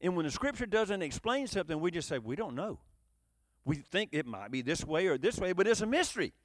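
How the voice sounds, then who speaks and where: A man preaching a sermon, animated, moving between loud emphatic bursts and low quiet asides. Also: fast talker, no room sound, studio quality.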